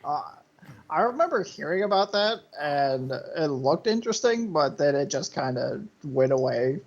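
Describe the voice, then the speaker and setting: A man's voice: on the high side, big pitch swings, moderate pace. A man co-hosting a podcast in casual chat, offhand and loose. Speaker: podcast co-host. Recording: dull lo-fi sound.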